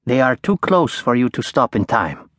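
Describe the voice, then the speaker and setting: A frail, elderly law professor with a soft, sing-song lilt and a quiet, commanding air, as a man puts him on. He speaks gently and unhurriedly, in a mid-pitched voice. The recording is dry, with no room sound. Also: sing-song, moderate pace, dry recording. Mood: posing. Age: older.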